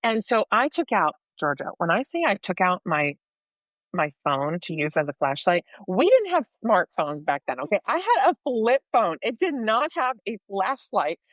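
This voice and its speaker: An American woman co-hosting a podcast, telling a personal story in a lively way and acting out the voices of people in it. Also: medium pitch, moderate pace, no room sound. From United States. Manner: animated storyteller, acts out dialogue. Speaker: podcast co-host sharing her faith story.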